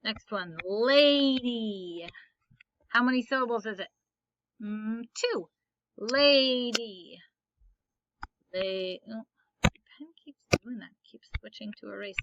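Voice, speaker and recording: A woman's voice: fairly high pitch, takes it slowly, pauses often, a bit bright, dull audio. A woman teaching a phonics lesson, patiently asking questions and then answering them herself. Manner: patient, asks and answers her own questions.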